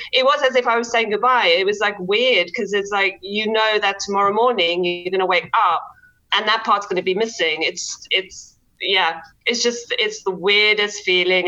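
A woman's voice: medium pitch, pushed and bright, lo-fi sound. A middle-aged woman from South Africa with a South African accent touched by British, speaking candidly as an interview guest, laughing easily and trailing off mid-sentence. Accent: South African with some British. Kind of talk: conversational interview.

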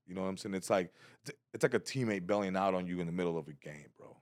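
A low-voiced man tells a comedy story in a relaxed, slangy way. He acts out quotes with sudden loud jumps. The sound is dry and close. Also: fast, no room sound. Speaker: comedian guest. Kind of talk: casual storytelling in a podcast interview.

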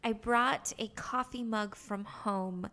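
A woman's voice: fairly high pitch, fairly even intonation, slow, pushed and bright. A woman co-hosting a podcast in casual chat, giggly and chatty as she tells stories. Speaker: podcast co-host.

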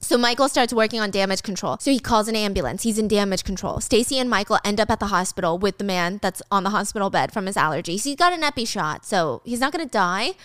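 A young woman casually retelling a drama, animated and swearing freely as she acts out scenes. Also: mid-range voice, quick pace, few pauses, no echo, studio quality. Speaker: drama recap host. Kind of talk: casual storytelling recap.

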